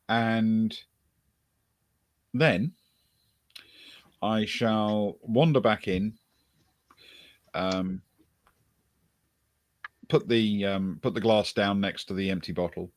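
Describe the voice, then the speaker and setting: A man describing his character's actions in a tabletop game, speaking very slowly with a lowish voice. The sound is dry and close. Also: no room sound. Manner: slow, pausing, describing actions. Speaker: player.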